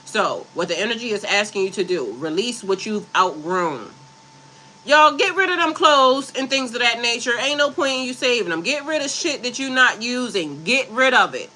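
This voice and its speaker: A woman's voice: fairly high pitch, lively intonation, moderate pace, pushed and bright, slight background noise, low-quality recording. A woman spiritual coach talking casually on a livestream, reading affirmations and breaking into blunt, profane asides.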